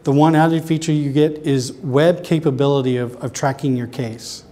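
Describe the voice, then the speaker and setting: A man with a Southern US accent talks to a room of customers in a loose, chatty way, throwing in quick asides. His voice sits a little higher than most men's. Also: steady tone, warm tone. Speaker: presenter. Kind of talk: conference talk.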